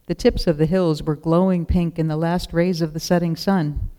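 Smooth-voiced storybook narrator. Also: mid-range voice, steady tone, normal speed, dark tone. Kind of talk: storybook reading.

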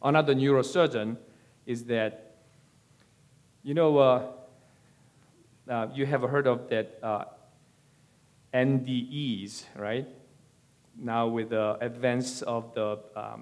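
Slow, measured male preacher. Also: medium pitch. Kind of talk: sermon teaching.

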